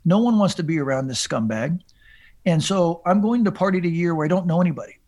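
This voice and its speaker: A man's voice: high-pitched, animated, fast, darkish tone. A man with a slightly raised voice tells his story on a podcast. He rambles, restarting and repeating words as he goes. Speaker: podcast guest. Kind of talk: storytelling in casual chat.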